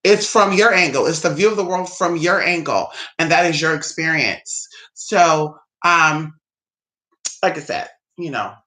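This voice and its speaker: A speaker with an American accent gives a casual, blunt opinion monologue as a spiritual YouTuber, swearing freely and mocking others with sudden jumps in pitch. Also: unhurried, pushed and bright.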